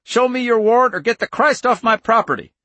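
A man voicing an older farmer whose high voice cracks as he orders men off his land. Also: a little fast, pushed and bright, no echo, full character voice. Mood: angry. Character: older rural farmer, stubborn and scared.

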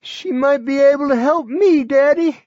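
Sick feverish man, hoarse clotted voice, way up high and loud, dull lo-fi sound. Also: normal speed, no room sound. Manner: high strained near-shouting.

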